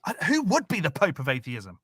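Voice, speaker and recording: A man's voice: on the high side, wildly swooping pitch, fairly quick, crowd noise. A British man with a sarcastic, laughing way of talking, chatting casually as a guest on a livestream reaction show. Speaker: guest co-host.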